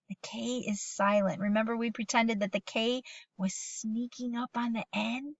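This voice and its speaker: A middle-aged woman teaching a phonics lesson to young children at home, patient and encouraging, reading sentences slowly aloud with them. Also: on the high side, fairly bright tone, dry recording, highs cut off.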